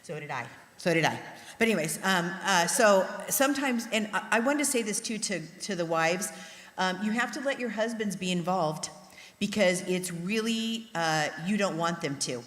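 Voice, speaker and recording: A middle-aged woman, a pastor's wife, telling candid family stories to a congregation in a chatty, animated way. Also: mid-range voice, normal speed. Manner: chatty, animated, acts out her own reactions. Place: church sanctuary. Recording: long hall reverb.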